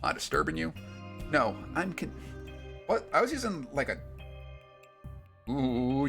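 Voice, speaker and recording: A man's voice: mid-range voice, huge pitch swings, normal speed, creaky, pauses often, bright, forceful tone, faint music behind. A man streaming a video game live, making chatty, wry asides between reading game dialogue aloud. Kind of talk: live gameplay commentary.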